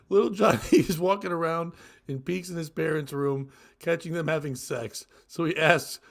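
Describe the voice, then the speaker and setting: A man's voice: steady tone, unhurried, creaky. A man co-hosting a casual comedy podcast, reading crude jokes aloud, laughing constantly and acting out the characters in exaggerated voices. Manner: laughs constantly, squeals into high-pitched shrieks when laughing. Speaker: podcast co-host.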